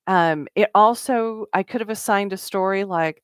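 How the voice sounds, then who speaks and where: A woman's voice: medium pitch, moderate pace, hardly any pauses, smooth, no echo, clean studio sound. A middle-aged woman talking casually as a networking coach, with many fillers and quoted asides. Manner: conversational with fillers and acted-out quotes. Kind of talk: casual talk to camera.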